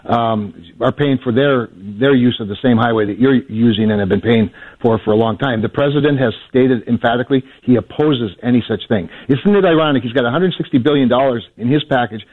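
A male senator answering questions on a radio call-in show, measured and explanatory, restarting his words often. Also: medium pitch. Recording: phone-line audio.

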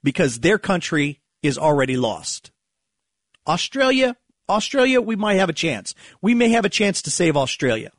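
A man talks through a casual political monologue in a sarcastic, rambling way, often restarting his sentences. His voice sits somewhat high for a man. The recording is close and dry, with no room sound. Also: sing-song, moderate pace, hardly any pauses, no echo. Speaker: political commentary host.

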